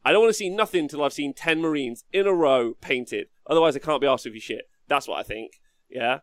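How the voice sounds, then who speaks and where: A man's voice: medium pitch, fairly quick, no echo, studio quality. A man co-hosting a casual hobby podcast, ranting brashly with lots of swearing. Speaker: podcast co-host.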